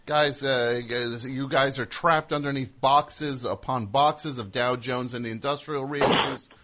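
A man's voice: medium pitch, steady tone, a little slow, pushed and bright. A man hosting a radio show, rambling and joking, interrupting himself as he talks into a studio mic. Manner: rambling, jokey, self-interrupting. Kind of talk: casual radio monologue.

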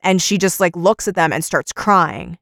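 A woman co-hosting a podcast, recounting a story in an easy conversational way. Her voice sits a little low, and the recording is close and dry, with no room sound. She keeps slipping into quoted lines as she tells it. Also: moderate pace, gravelly, a bit bright, dry recording. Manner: retells scenes by acting out quotes with "he's like". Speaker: podcast co-host. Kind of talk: casual chat, retelling a story.

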